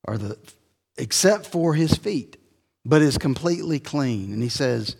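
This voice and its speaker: A middle-aged man preaching an expository sermon in a relaxed, conversational teaching manner. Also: a little high, unhurried, vocal fry, long reverb tail. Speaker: pastor.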